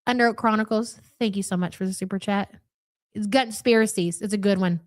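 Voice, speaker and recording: A woman's voice: medium pitch, steady tone, a little fast, no echo. A woman doing casual live-stream commentary, blunt and mocking, swearing freely as she reads chat.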